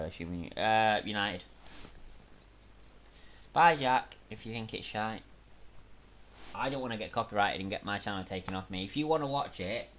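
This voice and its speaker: A man from Manchester with a Mancunian accent, hosting a live watch-along stream, reacting with loud gasps and chatting casually with viewers. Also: lowish voice, slight background noise. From Manchester, England. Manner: excitable, bursts into loud gasps during big moves, casual with chat.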